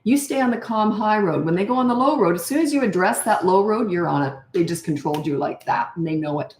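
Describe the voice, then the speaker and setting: An older woman coaching parents in a blunt, animated way, answering questions and acting out how to talk. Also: medium pitch, quick pace, roomy sound, a little hiss or hum. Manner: blunt, animated, acts out parent and child voices.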